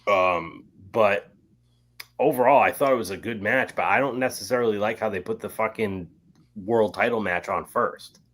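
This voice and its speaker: Deep-voiced laid-back man. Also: normal speed, a bit bright. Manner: laid-back, hesitant, lots of filler words. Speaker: co-host. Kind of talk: casual wrestling review chat.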